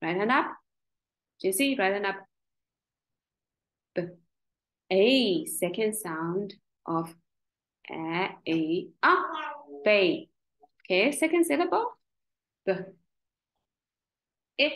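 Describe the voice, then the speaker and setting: A woman's voice: medium pitch, lively intonation, slow pace, pauses often, rough recording. A woman tutoring a child in spelling, patiently sounding out letters and syllables one by one. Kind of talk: one-on-one phonics lesson.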